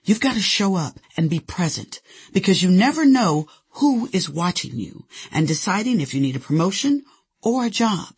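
A woman's voice: on the low side, sing-song, moderate pace, darkish tone, slightly rough. A woman narrating her own memoir with sassy, conversational storytelling. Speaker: author and narrator.

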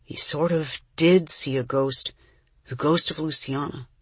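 A quiet, thoughtful little boy from a storybook, his words low and unhurried, as a woman puts him on. A husky, dry, close sound. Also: fairly even intonation, no room sound, full character voice. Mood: subdued.

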